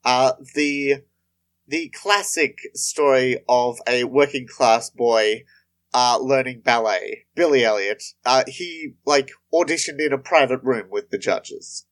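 A man's voice: mid-range voice, slow, a bit bright. A man co-hosting a podcast, casually chatting and raising skeptical questions. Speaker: podcast co-host. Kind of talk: casual chat.

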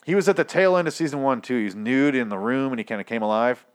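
A man's voice: medium pitch, fast, clean tone. A man hosting a casual solo podcast, rambling and swearing freely as he recaps a TV series. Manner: rambling, profane, animated. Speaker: podcast host.

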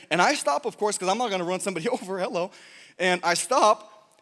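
A man preaching a sermon, telling a story with jokes and lots of self-interruptions before moving to exhortation. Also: high-pitched. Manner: animated, jokey, self-interrupting. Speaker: pastor. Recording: long hall reverb.

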